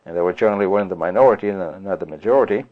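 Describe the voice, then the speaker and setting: Low-voiced man preaching a sermon. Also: rapid-fire. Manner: repetitive, rhetorical "you see" asides. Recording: dull lo-fi recording.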